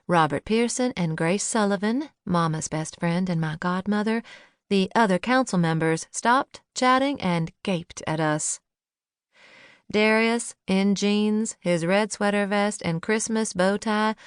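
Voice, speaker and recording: A woman narrating a first-person novel in a measured, lightly wry manner, on a close studio mic. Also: medium pitch, clean tone, no room sound. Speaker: audiobook narrator.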